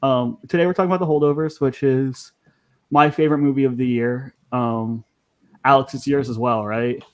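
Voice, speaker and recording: A man's voice: medium pitch, steady tone, moderate pace, darkish tone. A man hosting a podcast, talking casually and chattily, with frequent ums and restarts. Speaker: podcast host.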